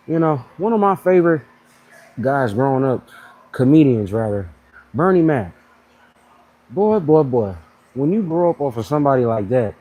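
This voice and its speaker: A man in his thirties hosting a casual live fitness chat, blunt and animated, full of slang, often mimicking other people in a higher voice. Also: poor audio. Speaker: fitness channel host.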